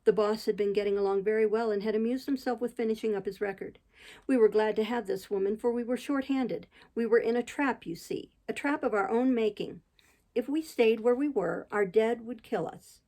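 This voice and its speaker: Female audiobook reader, steady and measured, with a dark, mellow tone. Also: a little high, low-quality recording. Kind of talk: audiobook narration.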